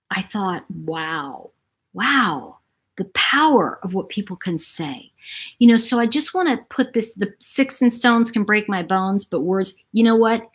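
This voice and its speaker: A chatty woman from New York City hosts a casual livestream. She talks in an animated, conversational way at a middle pitch and reads comments from her viewers aloud as she goes. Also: a little slow, slightly rough. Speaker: livestream host. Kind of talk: casual live-chat monologue.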